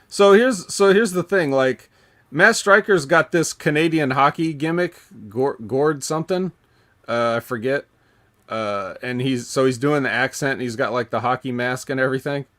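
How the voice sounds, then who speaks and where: Man, podcast host, casual rambling chat, halting delivery, mid-range voice. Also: medium pitch, fairly bright tone. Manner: rambling, halting, lots of fillers and restarts.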